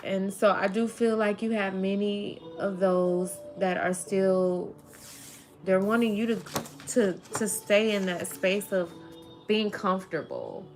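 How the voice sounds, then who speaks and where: Woman tarot reader, slow and rambling, emotional delivery, faint music bed. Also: medium pitch, fairly even intonation, a little mellow. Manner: rambling, emotional, says "like" often. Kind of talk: spiritual tarot reading to viewers.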